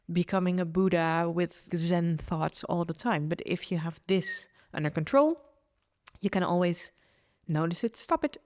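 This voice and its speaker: Woman podcast host, mindset coach, slightly low voice, earnest and upbeat. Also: a little mellow. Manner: earnest, upbeat advice with frequent restarts. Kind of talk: solo podcast monologue.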